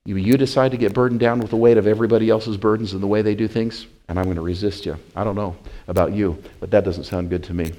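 A male pastor preaching a sermon in church, chatty and repetitive, asking the congregation questions and swinging between loud emphatic peaks and quiet intense asides. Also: on the low side, fairly even intonation, fast talker, hardly any pauses. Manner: conversational, repeats phrases, asks the congregation questions.

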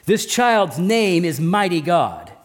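A man preaching a sermon, emphatic and repetitive, often dropping his voice low and slow to stress a point. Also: very animated. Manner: emphatic, repeats key phrases, drops low and slow for stress. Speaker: pastor.

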